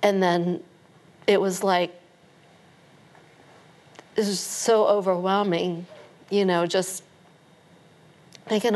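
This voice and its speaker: A middle-aged woman, a guest on a TV interview, recounting events haltingly with many restarts. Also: mid-range voice, flat delivery, darkish tone.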